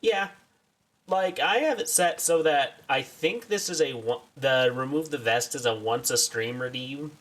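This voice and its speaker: A man's voice: medium pitch, unhurried, fairly bright tone, distant mic. A man giving casual, wry commentary while streaming a game, full of self-mocking asides.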